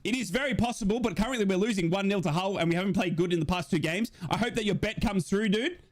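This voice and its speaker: Young male streamer, slightly high pitch, chatty, addresses chat while calling a match. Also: fast. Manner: chatty, talks straight to viewers in chat. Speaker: football watch-along streamer. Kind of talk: live match watch-along with chat.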